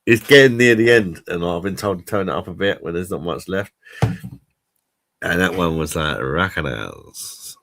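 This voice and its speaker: A man with a low voice and a forceful, bright edge, chatting casually on his live stream. He is laid-back and sweary and laughs often, heard dry and close with no room sound. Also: moderate pace, dry recording. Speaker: host of a drinks review live stream.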